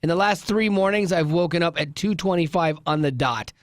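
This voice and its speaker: A man's voice: a little high, a little fast, no echo, clean studio sound. A man hosting a radio show, chatting casually and playfully with co-hosts and laughing often. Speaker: radio host. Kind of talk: casual studio banter. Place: radio studio.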